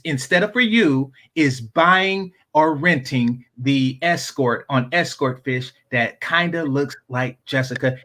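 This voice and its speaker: A man with a high, bright voice gives blunt, rambling commentary as the host of a live call-in stream. He repeats himself often as he talks. His pitch swings widely from line to line. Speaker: show host.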